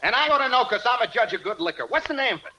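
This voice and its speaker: A man's voice: extremely high pitch, sing-song, rapid-fire, dull audio. A man playing an easygoing, wisecracking sidekick in a 1940s radio comedy. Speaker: comic sidekick. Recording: hissy old radio recording.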